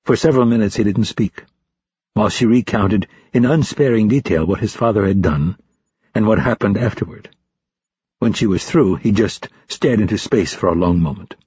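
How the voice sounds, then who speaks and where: A man reading a novel aloud as a first-person narrator, in a measured, even delivery. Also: fairly low pitch, husky, no room sound, dull audio. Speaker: audiobook narrator.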